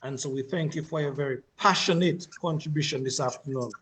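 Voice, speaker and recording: A man hosting a radio talk show, calm and courteous as he thanks his guests and leads into a music break. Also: fairly high pitch, fairly quick.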